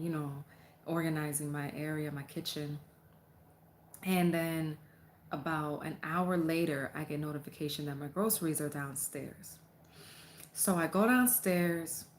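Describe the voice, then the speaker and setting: A young adult woman with a somewhat low voice, animated and profane as she tells a casual storytime to her camera at home. A faint hiss sits under her voice. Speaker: vlogger. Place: apartment.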